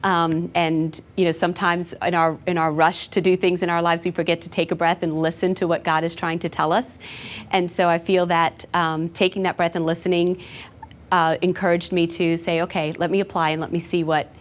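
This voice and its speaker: A woman's voice: on the low side, little pitch movement, normal speed. A woman in her forties, a school principal, answering interview questions in an earnest, reflective way with frequent fillers. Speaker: new high school principal.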